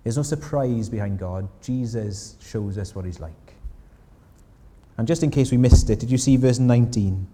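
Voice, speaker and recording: A man's voice: mid-range voice, lively intonation, measured pace, warm tone, in a large hall. A man preaching a sermon in church, earnestly asking his listeners questions. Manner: earnest, asks the congregation questions.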